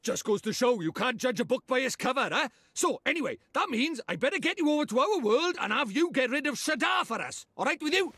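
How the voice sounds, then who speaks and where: A man's voice: extremely high pitch, sing-song, fairly quick, few pauses, pushed and bright, slightly rough, no room sound, exaggerated voice. An actor playing a boastful, chatty little male fairy lord with a lilting Welsh accent in a video game. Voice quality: lilting, brash and talkative. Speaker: game character.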